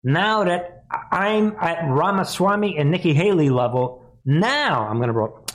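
A man's voice: fairly high pitch, expressive, a little slow. A man sarcastically voicing a male politician who boasts about rolling out his campaign from last place. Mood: sarcastic.

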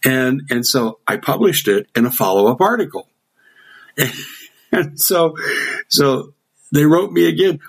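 Husky-voiced man telling an animated story. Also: fairly high pitch, measured pace, pauses often. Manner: animated anecdote with quoted dialogue and chuckles. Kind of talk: casual storytelling.

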